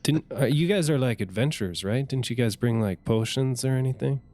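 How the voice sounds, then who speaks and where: A man's voice: medium pitch, a little fast, a little mellow. A man who is a guest player in a tabletop game, talking in a laid-back, rambling way with many fillers.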